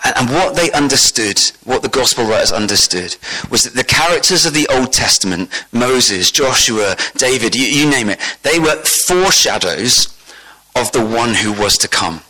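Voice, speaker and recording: A man delivers a sermon with a bright, forceful voice. He preaches in an animated way, climbing in pitch and volume to drive points home and putting questions to the congregation. His voice sits in an ordinary middle register for a man. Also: moderate pace, rough recording.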